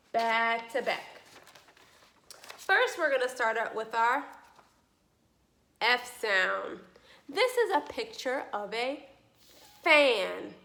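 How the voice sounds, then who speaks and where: Young woman doing a kids speech lesson, super animated voice, slow careful words. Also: sits high, a little hiss or hum. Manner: slow, clearly articulated, encouraging teacher talk with lively questions. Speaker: speech therapy teacher.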